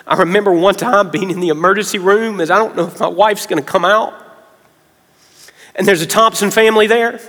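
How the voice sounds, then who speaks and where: A man, preaching a sermon to his congregation in an earnest way, going quiet when he gets emotional. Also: high-pitched, a little fast. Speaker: pastor. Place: large church hall. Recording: reverberant church hall.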